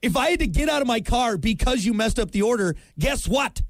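Exasperated high-voiced man telling a story. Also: animated, brisk, no room sound. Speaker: podcast co-host. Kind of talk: casual chat.

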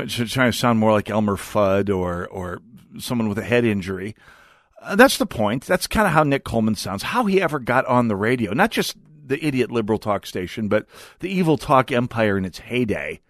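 A man's voice: medium pitch, fairly bright tone, dry recording, studio quality. A man hosting a political talk radio show, sarcastic and combative as he takes calls. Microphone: studio microphone.

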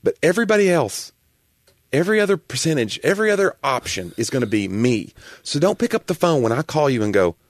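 A man with a light Southern US accent talks in a casual podcast, his pitch leaping about as he rants with playful exasperation. The recording is close and dry, with no room sound. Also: fast, no echo. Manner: animated, ranting, builds to exasperated. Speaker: comedian and podcast host. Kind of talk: casual chat.

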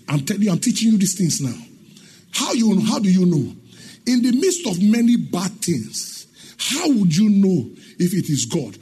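High, lively preaching man. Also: slight background noise. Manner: emphatic preaching, sing-song rises, asks the congregation questions; acts out dialogue in his stories. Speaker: pastor. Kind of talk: sermon.

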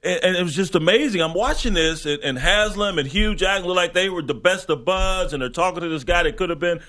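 Guy on sports radio rambling about the draft, bit of a higher voice, lots of uh and restarts. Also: fairly quick, bright, forceful tone. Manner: rambling, many restarts and fillers. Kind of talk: casual sports talk.

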